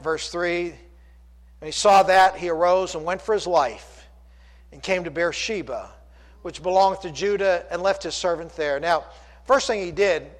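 A man preaching a sermon, animated, asking rhetorical questions and acting out the quoted speech of the story. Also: high voice.

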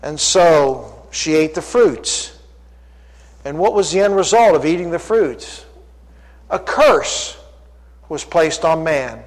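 A man's voice: on the high side, animated, slow pace, pauses often. A man preaching a sermon, emphatic and full of rhetorical questions, in a church sanctuary. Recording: long hall reverb.

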